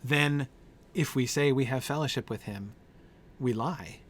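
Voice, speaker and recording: A man's voice: medium pitch, measured pace. Man leading a Bible study, thinking aloud. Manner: thinking aloud with many fillers and "right?" checks; answers group members by name. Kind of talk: informal Bible study discussion.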